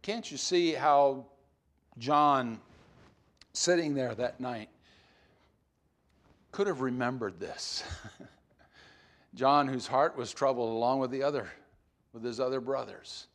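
At a church service, a man preaches a sermon as pastor. His emphasis is deliberate, swinging from loud stresses to soft, low phrases.

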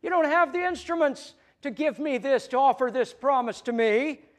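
A man's voice: very high voice, normal speed, voice pushed up. A man preaching, voicing a skeptical Samaritan woman at a well who questions him with disbelief. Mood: incredulous. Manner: incredulous, questioning.

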